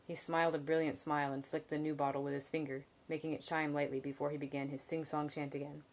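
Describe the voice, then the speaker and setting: Woman, low voice, reading a novel aloud, live stream, measured, occasional slips. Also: level tone. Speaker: reader.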